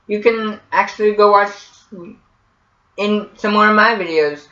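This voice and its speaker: Slow, hesitant American vlogger. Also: male voice, high-pitched, bright, forceful tone. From United States. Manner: hesitant, many ums, repeats himself. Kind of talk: casual how-to video. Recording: roomy, dull lo-fi sound.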